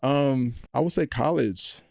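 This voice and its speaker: A young college football player, appearing as a podcast guest, gives a casual faith testimony in a mellow, medium-pitched, creaky voice at a measured pace. He's earnest and grows animated when retelling events, telling stories in a lively way. The podcast microphone captures clean, echo-free studio sound.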